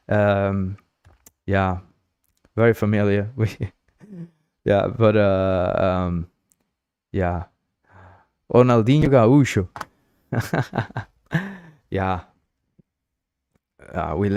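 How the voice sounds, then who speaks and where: Low-voiced man rambling on a stream. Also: smooth, no echo, studio quality. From Uruguay. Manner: rambling, excitable, many fillers. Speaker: livestream host. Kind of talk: casual livestream chat.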